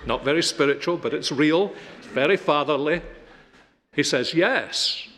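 A middle-aged man preaching a sermon, emphatic, rising to loud peaks and dropping to quiet, slow stresses. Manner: emphatic, building to loud peaks then dropping low and soft. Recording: long hall reverb.

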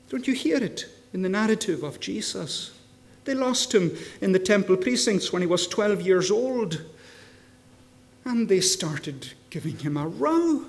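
High-voiced impassioned male preacher. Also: sing-song, unhurried, pauses often. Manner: impassioned, swinging from hushed to ringing; rhetorical questions to the congregation. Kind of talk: expository sermon.

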